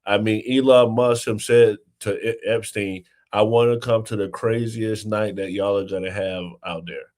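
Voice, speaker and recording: A man's voice: lowish voice, fairly even intonation, normal speed, hardly any pauses, a little mellow. A man hosting a casual political talk show, chatting loosely, introducing clips and asking his co-host questions. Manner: conversational, sets up clips and asks questions.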